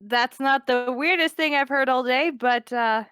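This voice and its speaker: A woman with a higher voice plays a tabletop game and speaks very slowly and thoughtfully. The sound is dry and close. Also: fairly bright tone, clean tone, no echo. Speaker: player. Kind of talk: casual tabletop game play.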